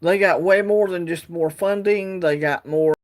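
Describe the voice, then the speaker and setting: A man talks into his phone on a casual livestream, drawling and wandering from point to point as he answers the chat. His voice sits a bit higher than most men's. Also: a little slow. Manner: rambling, drawling, reads chat aloud. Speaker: livestream host.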